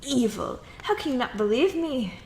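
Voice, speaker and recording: A woman voicing an indignant, gossipy older townswoman with loud, exaggerated outrage. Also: on the low side, lively intonation, moderate pace, slight background noise. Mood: outraged. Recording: echoey room with music.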